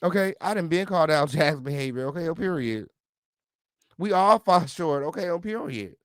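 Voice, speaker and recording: A man's voice: fairly high pitch, lively intonation, moderate pace, dry recording, clean studio sound. A man hosting a live stream, chatting casually with viewers and reading comments, sassy and heated, swearing freely.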